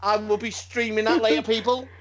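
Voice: mid-range voice, little pitch movement, brisk, lo-fi sound, a crowd in the background. A podcast panelist making playful, teasing interjections in casual chat.

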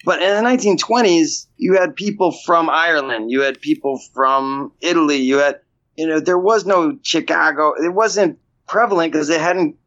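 Higher-voiced man, rambling interview guest. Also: normal speed, fairly bright tone. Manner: rambling, restarts, frequent "you know". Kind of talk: casual interview talk. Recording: dull lo-fi sound.

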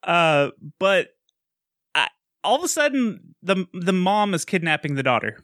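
A man with a high, bright voice that swings widely in pitch, chatting about a movie on a podcast. He talks in an animated way, laughs often and restarts his sentences. The recording is dry and close. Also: measured pace, no echo. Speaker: podcast co-host. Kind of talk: casual movie-review chat.

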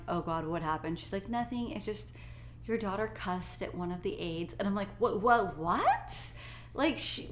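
A woman telling family stories in a lively, animated way during a casual podcast chat, laughing easily. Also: mid-range voice, reverberant, slight background noise. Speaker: co-host, mother.

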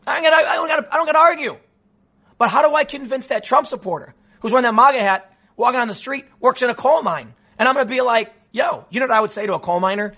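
Host, male, high husky voice, animated ranting commentary with lots of restarts. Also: quick pace. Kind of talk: casual political commentary monologue.

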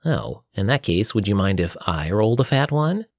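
A man's voice: fairly low pitch, big pitch swings, normal speed, no room sound, studio quality. A man voicing a scrawny, cheeky male wizard in a storybook reading, with a raised, teasing voice. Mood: sly.

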